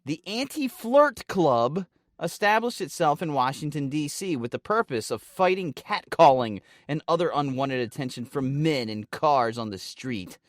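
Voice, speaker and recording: A man co-hosting a casual comedy podcast, swearing freely and laughing between his own lines. His voice swings widely in pitch as he jokes. The sound is dry and close, with no room echo. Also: expressive, a little slow. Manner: loose, profane, laughing, reads out trivia. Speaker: podcast co-host.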